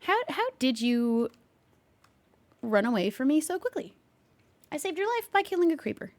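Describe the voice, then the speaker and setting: A woman streaming a game, chatting and playing along with an unseen visitor, easily startled and quick to gasp and laugh. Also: high-pitched, sing-song. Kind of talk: casual gameplay commentary with light role-play.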